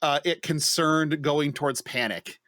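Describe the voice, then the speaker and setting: A man co-hosting a podcast, telling a story in casual chat with animated, profane delivery. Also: on the high side, a little slow. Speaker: podcast co-host.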